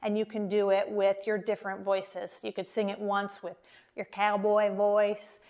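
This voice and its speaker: An American woman teaching an online preschool lesson, speaking slowly and encouragingly to small children. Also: mid-range voice, flat delivery, vocal fry, a little mellow.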